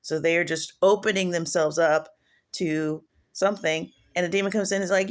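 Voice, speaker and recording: A woman's voice: fairly low pitch, fairly even intonation, moderate pace. A woman preaching casually in a home video, rambling and digressive, often restarting her sentences. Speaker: online prophetess.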